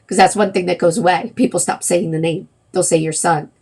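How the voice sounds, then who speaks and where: A woman's voice: lowish voice, fairly even intonation, brisk, vocal fry, a little mellow, breathy edge. A middle-aged woman hosting a wellness livestream, talking casually and rambling, with many fillers and self-corrections.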